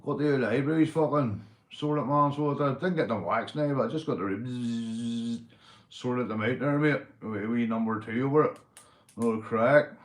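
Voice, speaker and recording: A man with a Northern Irish accent hosting a casual livestream, swearing freely and giving loud shout-outs to viewers. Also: mid-range voice, moderate pace, echoey room. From Northern Ireland. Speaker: livestream host. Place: indoors at home, drinking.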